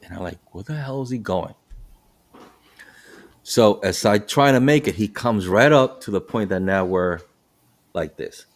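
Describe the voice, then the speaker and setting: A middle-aged man with a deep, low-pitched voice hosts a casual podcast about his work as a bus operator. He tells road stories in an animated way, stumbling and restarting his sentences as he goes. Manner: animated storytelling with frequent restarts.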